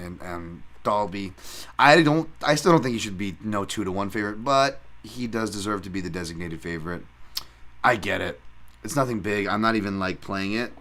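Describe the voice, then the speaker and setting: A man's voice: deep voice, sharp tone. A man hosting a podcast, casually breaking down fight picks with rambling, self-interrupting, profane talk. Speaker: podcast host. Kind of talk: casual MMA betting breakdown.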